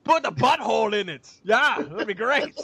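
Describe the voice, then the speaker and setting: A man doing a mocking impression of a Scottish comic writer who pitches crude jokes, in a drawn-out put-on voice. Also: animated, creaky, bright, forceful tone, slightly rough, no room sound, full character voice.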